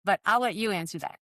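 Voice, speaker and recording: A woman in her sixties telling lively stories in a casual podcast interview, acting out the voices of people she quotes. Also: a little high, no room sound, clean studio sound. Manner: animated storyteller, acts out quoted voices, laughs often. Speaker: guest, former team soigneur.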